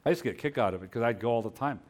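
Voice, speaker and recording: Male pastor, middle-aged, storytelling sermon that moves between quiet asides and loud animated peaks. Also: mid-range voice, racing.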